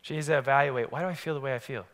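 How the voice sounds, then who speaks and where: A man preaching a sermon as pastor, telling family stories in an animated, lively way. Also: medium pitch, very fast. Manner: animated, acts out family scenes. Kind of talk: storytelling sermon. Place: church sanctuary. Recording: long church-hall reverb.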